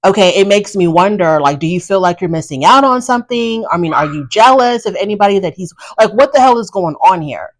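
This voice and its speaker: A woman's voice: mid-range voice, lively intonation, brisk, hardly any pauses. A woman hosting a casual reality TV recap, talking bluntly and sassily to the people on the show. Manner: blunt, sassy, talks straight to the people on screen.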